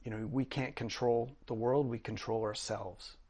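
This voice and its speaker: A middle-aged man talks with earnest, reflective enthusiasm, circling back and restarting sentences. His voice sits at a medium pitch. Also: fairly even intonation, normal speed, a little mellow. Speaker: podcast guest, drumming coach. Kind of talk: casual interview conversation.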